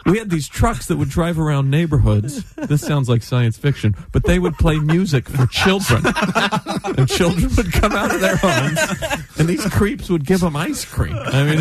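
A man from Idaho telling rambling deadpan stories as a guest in a casual chat, often laughing at his own jokes. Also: on the high side.

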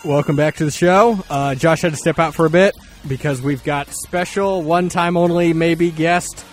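A male radio co-host with the hiccups, bantering in a deadpan, play-dumb way at a studio mic. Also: a little high, moderate pace, music in the background.

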